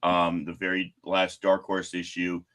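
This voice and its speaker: A man in his fifties from Long Island, hosting a live stream and telling stories in a chatty, animated way. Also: deep voice, unhurried. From Long Island, New York. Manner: chatty, animated, acts out what people said. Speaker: comic shop live stream host. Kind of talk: casual storytelling chat.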